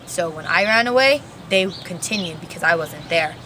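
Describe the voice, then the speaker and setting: Chatty eighteen-year-old woman, slightly low voice. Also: normal speed, background noise. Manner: animated retelling with acted quotes, casual. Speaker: interviewee. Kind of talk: personal storytelling interview.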